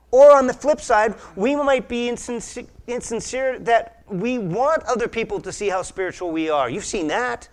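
A man preaching a sermon, animated, acting out imagined voices and swinging from hushed asides to loud emphasis. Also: extremely high pitch, moderate pace, few pauses. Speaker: pastor.

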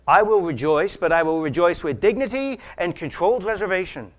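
High-voiced man preaching a lively sermon. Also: brisk, hardly any pauses. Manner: animated, acts out imagined voices, swings from hushed to loud. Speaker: pastor.

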